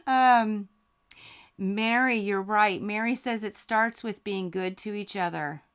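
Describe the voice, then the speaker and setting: A woman's voice: medium pitch, slow pace, a bit bright, clean tone. A woman hosting a live quilting Q&A stream, talking heartfelt and grateful while reading out viewer comments, close to tears. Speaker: quilting channel host.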